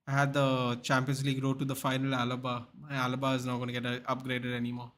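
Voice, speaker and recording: A man's voice: medium pitch, monotone, quick pace, a bit bright. A young man hosting a live football watchalong, chatting casually, reading the chat and retelling clips in a rambling way. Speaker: live stream watchalong host.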